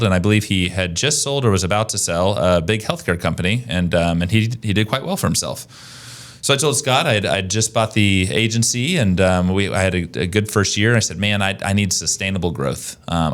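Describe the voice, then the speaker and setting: Low-voiced energetic podcast host, man. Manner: energetic, conversational, rambling with restarts. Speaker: podcast host, agency owner. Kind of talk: casual podcast chat.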